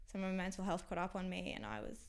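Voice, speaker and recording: A young Australian woman with a lowish voice, speaking as an interview guest. Her talk has a gravelly fry to it and comes in halting, candid phrases. She often trails off into a near whisper. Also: expressive. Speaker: podcast guest.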